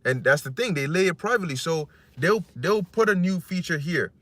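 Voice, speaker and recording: Bright-voiced man preaching loosely. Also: a little high, animated, a little fast, dry recording. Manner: rambling and conversational, acts out quoted voices, curses freely. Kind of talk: casual scripture commentary.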